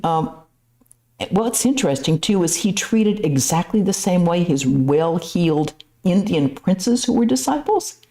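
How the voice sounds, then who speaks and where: A woman, a nun, giving a conversational spiritual lecture at a temple, telling stories with casual asides. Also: fairly low pitch. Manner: lively storytelling with casual asides.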